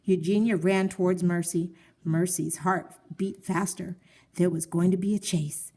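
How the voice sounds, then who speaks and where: A woman calmly narrating a children's story, reading it aloud. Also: fairly low pitch, measured pace, husky.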